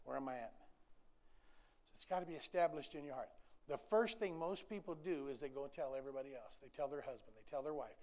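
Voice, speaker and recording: A man's voice: mid-range voice, a little fast, darkish tone. A man, preaching a sermon in an emphatic, folksy, repetitive way with touches of humor. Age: 60s. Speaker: pastor.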